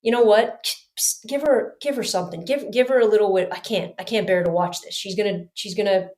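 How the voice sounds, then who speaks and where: A woman voicing an amused, exasperated Mother Nature figure who watches over her from above, in a hushed, half-whispered voice. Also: medium pitch, fairly quick, reverberant, natural voice.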